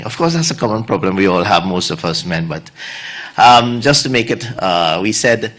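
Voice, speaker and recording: A man's voice: on the low side, animated, normal speed, fairly bright tone. A middle-aged man, a surgeon giving a conference talk in a loose, anecdotal way and quizzing the audience. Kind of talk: conference presentation.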